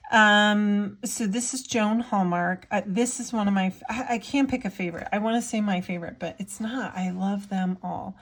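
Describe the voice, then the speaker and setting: A woman's voice: medium pitch, normal speed, few pauses. A woman in her thirties, an artist chatting casually in her vlog, bubbly and gushing with lots of fillers as she shows her work. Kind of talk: casual chat while showing items.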